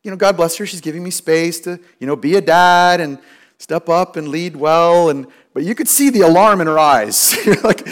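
High-voiced man preaching a sermon. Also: lively intonation, moderate pace, fairly bright tone. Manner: storytelling, acts out quoted voices with rising pitch. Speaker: pastor.

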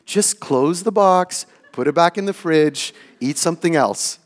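A preacher voicing God as a gentle, patient voice that pleads with him. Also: male voice, on the high side, measured pace, lightly acted. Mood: pleading.

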